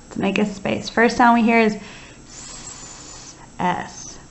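A woman teaching young children to write, slowly sounding out letters and words one at a time in a patient, encouraging way. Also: fairly high pitch, level tone, a little hiss or hum. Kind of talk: early-grade writing lesson. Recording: slightly dull, lo-fi sound.

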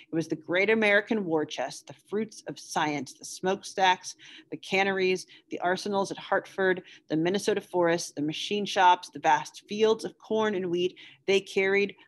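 A woman teacher reading a novel aloud to students in a measured, steady way. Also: on the low side. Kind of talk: read-aloud novel narration.

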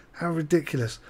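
A man's voice: a little high, breathy edge. A man hosting a let's play, chatting and joking his way through a bus driving game. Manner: chatty, joking, self-deprecating. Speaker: gaming channel host.

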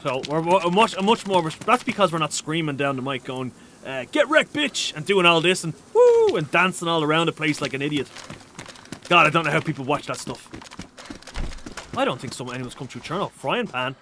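A high-voiced Irish man chatting through a live game stream, reading viewer comments aloud. His tone is bright and forceful, and he rambles with quick restarts. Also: a little hiss or hum.

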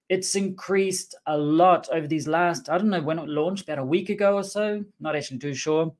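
A man hosting a casual livestream for a game studio, talking in a playful, joking and rambling way. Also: high voice.

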